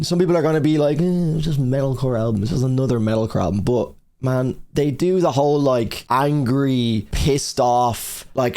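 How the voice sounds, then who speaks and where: A man's voice: mid-range voice, a little mellow. A young man counting down his favorite albums in a casual, rambling way, full of fillers and swearing. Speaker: music reviewer.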